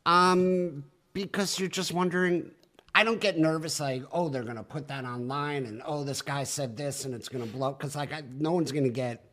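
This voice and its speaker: Halting male comedian guest. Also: on the high side, steady tone, fairly bright tone. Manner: halting, restarting sentences. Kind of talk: casual chat.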